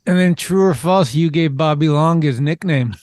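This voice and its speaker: A man's voice: fairly high pitch, normal speed, a little mellow. A man hosting a podcast, asking short, casual questions and laughing along with his guests. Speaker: podcast host. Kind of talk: casual interview.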